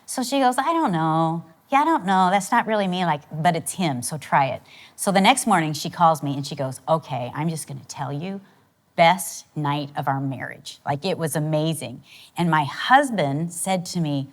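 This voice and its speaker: Middle-aged female co-host; casual, laughing storyteller, lower pitch. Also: animated, normal speed. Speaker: podcast co-host. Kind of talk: casual chat.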